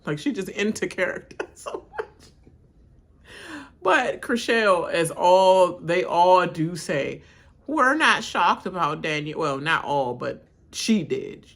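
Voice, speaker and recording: A woman's voice: lowish voice, animated, unhurried, fairly bright tone. A woman doing a live watch-along of a reality show, laughing often and acting out the cast in exaggerated voices while she rants bluntly. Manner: blunt, ranting commentary. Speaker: reality TV reaction streamer.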